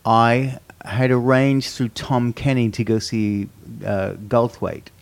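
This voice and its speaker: A man hosting a casual podcast chat, recalling a story at an easy, unhurried pace. His voice sits in a middle range for a man. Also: medium pitch, steady tone.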